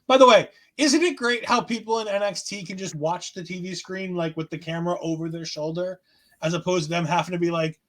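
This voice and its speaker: A high-pitched man co-hosting a relaxed chat show. He runs through the evening's events with dry sarcasm and fake outrage. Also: fairly quick. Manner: sarcastic, mock-outraged asides. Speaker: wrestling podcast co-host. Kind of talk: casual chat.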